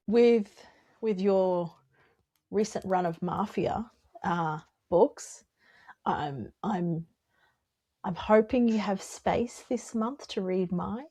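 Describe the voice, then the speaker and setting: A woman's voice: on the low side, slow pace, dark tone, breathy edge. An Australian woman, an author and podcast co-host, chatting casually, rambling and laughing often. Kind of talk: casual chat.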